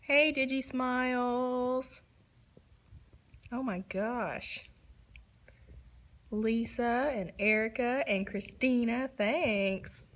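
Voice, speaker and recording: A woman's voice: fairly high pitch, extremely slow, pauses often. A woman, a photographer hosting a casual livestream talk from her studio, bubbly, giggly and chatty. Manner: bubbly, giggly and chatty, self-described nervous.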